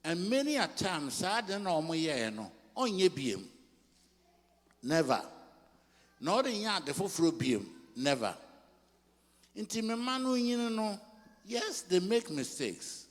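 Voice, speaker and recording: An older man with a Ghanaian accent, preaching a sermon as a pastor in a church, mixing English and Twi in slow, emphatic phrases. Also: sits high, big pitch swings. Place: large church hall. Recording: long reverb of a church hall.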